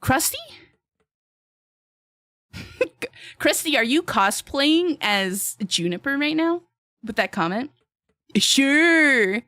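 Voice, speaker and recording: A woman's voice: high voice, sing-song, slow pace, long pauses, fairly bright tone, no echo, clean studio sound. A woman streamer chatting casually and playfully while playing a game, laughing often and reading game text aloud. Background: faint background music.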